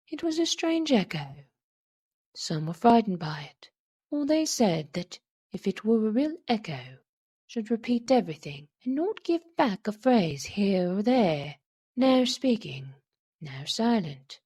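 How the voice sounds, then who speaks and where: A woman reading a classic horror story aloud, with a measured, dramatic delivery. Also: medium pitch, very animated, mellow, slightly rough. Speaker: audiobook reader.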